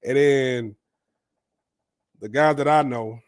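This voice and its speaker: A man's voice: mid-range voice, takes it slowly. A man, telling a story in a loose, chatty way, full of fillers and restarts. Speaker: vlogger. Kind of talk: casual storytelling.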